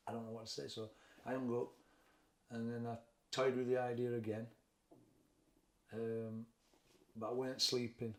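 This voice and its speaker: Level-toned and mid-range, a middle-aged man with a Sheffield Yorkshire accent speaks at normal speed with long pauses. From Sheffield, England, he's a boxing trainer and former fighter reflecting frankly and plainly on his story during an interview in an echoey room.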